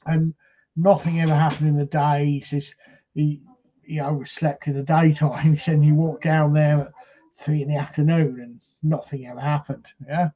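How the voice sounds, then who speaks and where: Man, raised but mellow voice, storytelling paranormal investigator, lo-fi camcorder sound. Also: on the high side, level tone, moderate pace. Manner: retells a story with many "he says" and acted quotes. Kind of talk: casual storytelling chat.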